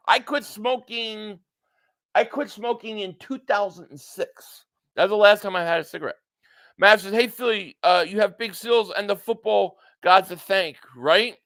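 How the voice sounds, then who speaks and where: A man with a high voice, hosting a live football reaction stream. His tone is bright and forceful. He reads out viewer messages and rants bluntly, with some cursing. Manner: excitable, blunt, ranting, profane. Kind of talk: live sports reaction stream, reading super chats.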